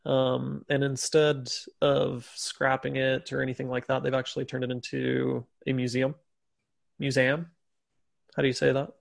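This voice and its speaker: A man chats through a story on a casual podcast. His voice carries a gravelly edge, and his telling is loose, full of fillers and easy laughs. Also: medium pitch, little pitch movement, moderate pace. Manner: chatty, laughs often, filler-heavy storytelling.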